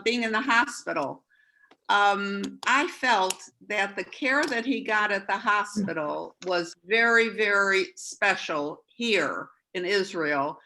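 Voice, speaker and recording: A woman's voice: medium pitch, sharp tone, poor audio. An older woman sharing thoughts in a casual group video call. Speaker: participant.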